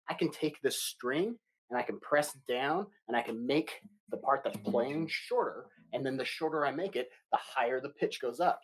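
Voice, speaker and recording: A man teaching an elementary music lesson for children, explaining patiently and slowly with playful asides. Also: mid-range voice, lively intonation. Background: guitar playing.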